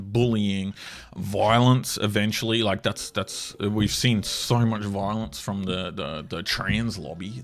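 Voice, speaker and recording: A man giving casual, profane commentary, sarcastic and mocking, laughing between jabs as he reacts to online posts. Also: on the low side.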